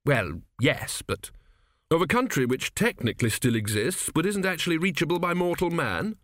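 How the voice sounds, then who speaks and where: A man plays a weary young king, glum and dry-witted, his voice moving with lively pitch. The sound is dry and close. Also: normal speed, dry recording. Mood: despondent. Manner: despondent, dry. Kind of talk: audiobook character voice.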